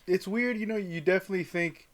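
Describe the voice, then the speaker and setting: Brief: male podcast co-host, casual and rambling, fairly high-pitched, hesitant delivery. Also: fast talker. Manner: rambling, hesitant, lots of fillers and restarts. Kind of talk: casual chat.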